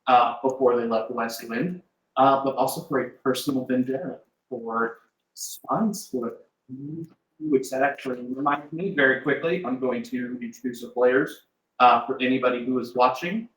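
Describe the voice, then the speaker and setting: A man running a tabletop game, recapping the last session in a loose, rambling way with many hesitations and little chuckles. His voice sits at an ordinary middle pitch. The sound carries a roomy echo from the shared space around the table. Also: normal speed, fairly bright tone. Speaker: game master. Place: shared room with players at a live-streamed table. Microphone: desk mic with in-ear monitor.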